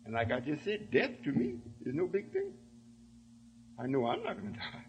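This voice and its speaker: A man's voice: fairly high pitch, huge pitch swings, normal speed, creaky, highs cut off, slight background noise. A man giving an emphatic sermon-style talk to his followers, often checking that they understand. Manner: emphatic, keeps asking "you see?". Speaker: religious speaker.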